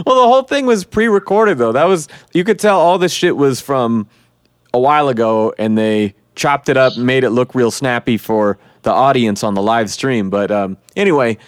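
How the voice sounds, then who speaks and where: Man, podcast host, casual rambling chat, swears a lot, mid pitch, dry close sound. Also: normal speed, smooth, dry recording.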